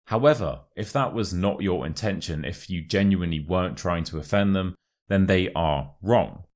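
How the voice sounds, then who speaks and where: A young British man speaks in modern RP with a notably low, deep voice. He explains English expressions in an online lesson and slowly repeats phrases to model their pronunciation. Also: darkish tone. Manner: clear, carefully modelled pronunciation, friendly explaining. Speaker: English teacher.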